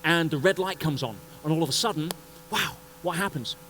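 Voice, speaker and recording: High-voiced man telling a story on stage. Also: fairly quick, a little hiss or hum, rough recording. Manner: animated, acts out scenes and voices. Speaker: conference speaker. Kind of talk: motivational storytelling talk. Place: conference stage before an audience.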